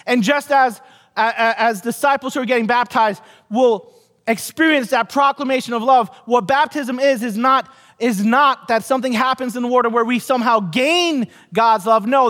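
A man preaching a sermon as pastor, earnest, repeating key phrases and dropping low for emphasis. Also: a bit bright, big-room sound.

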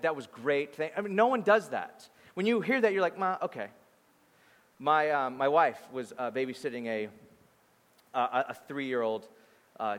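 A male pastor preaching a sermon in a conversational, animated way, mixing teaching with casual asides and stories. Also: a little high. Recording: long hall reverb.

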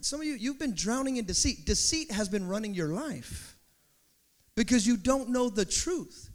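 A man preaching a sermon as pastor, animated, acting out quotes and building to shouts. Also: very high voice, moderate pace.

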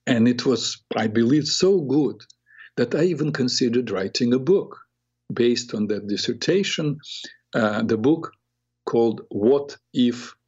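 Older man, radio host, earnest reflective storytelling, husky voice, dull lo-fi radio sound. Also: mid-range voice, expressive, a little mellow. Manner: earnest and reflective, with halting restarts. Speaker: radio show host and psychotherapist. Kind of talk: personal storytelling on a talk show.

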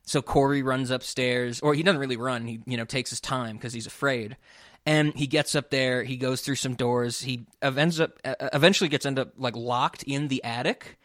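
A man casually recapping a movie plot on a podcast, animated, swearing freely. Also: mid-range voice, moderate pace, no echo, clean studio sound. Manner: animated storyteller, acts out quotes, swears freely. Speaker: podcast co-host.

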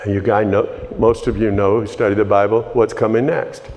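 A man preaching a sermon, conversational at first and building to emphatic high points. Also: little pitch movement, fairly quick, darkish tone, dull audio. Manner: conversational, rising to emphatic peaks. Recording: long reverb of a large hall.

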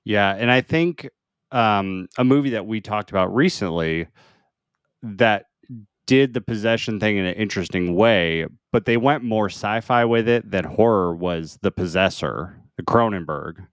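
A man's voice: fairly low pitch, unhurried, no room sound, clean studio sound. A young man co-hosting a podcast, chatting casually and laughing along. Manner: relaxed, laughs along, some fillers. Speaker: podcast co-host. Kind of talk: casual chat.

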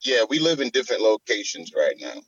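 A man calling in to a talk show, telling a story in a halting way with many restarts. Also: mid-range voice, sing-song, slightly rough, no room sound, muffled recording. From South Carolina. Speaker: caller. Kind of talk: casual call-in talk.

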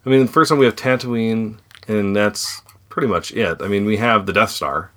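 A man's voice: fairly low pitch, normal speed, fairly bright tone. A man in his thirties with an Upper Midwest accent, chatting casually and rambling as a podcast host with his kids. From North Dakota. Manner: chatty, rambling, laughs easily. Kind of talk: casual family chat.

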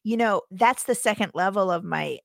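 A woman's voice: mid-range voice, normal speed, vocal fry, no room sound, studio quality. A woman co-hosting a casual podcast chat, ranting with frequent giggles. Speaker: podcast co-host.

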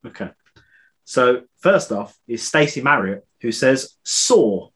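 A man's voice: mid-range voice, animated, slow, a bit bright. A man hosting a podcast, chatting casually and reading out listener answers, laughing between lines. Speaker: podcast host.

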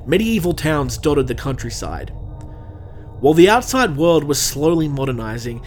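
A man's voice: mid-range voice, a little hiss or hum. A young man hosting a comedy podcast, chatting in a self-deprecating, jokey way before narrating a true-crime story. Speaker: podcast host.

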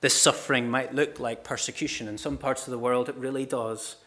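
A middle-aged man, a pastor preaching a sermon with passionate storytelling, moving from loud cries to hushed words. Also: mid-range voice, steady tone, a little fast.

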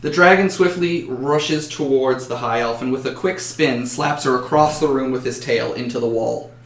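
A man's voice: mid-range voice, moderate pace. A man narrating a fantasy battle story dramatically, with occasional slips. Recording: roomy echo.

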